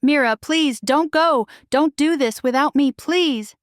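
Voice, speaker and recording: A woman's voice: fairly high pitch, unhurried, dry recording, clean studio sound, natural voice. A woman voicing a male werewolf alpha who pleads with a breaking voice in an audiobook romance story. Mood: desperate shouting.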